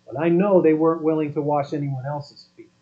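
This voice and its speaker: A man's voice: on the high side, fairly even intonation, brisk. A man preaching a sermon as pastor, speaking emphatically and asking his listeners rhetorical questions. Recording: dull lo-fi recording.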